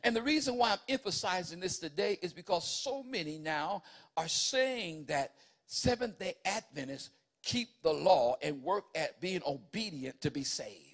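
A man with a high voice preaches a sermon in church. He reads scripture calmly, then rises to loud, fervent preaching and puts questions to the congregation. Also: normal speed.

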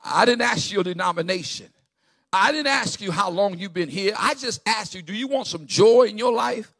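A man voicing Jesus as an adult male healer in a sermon, asking quick, pressing questions. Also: high-pitched, animated, a bit bright, no echo, exaggerated voice.

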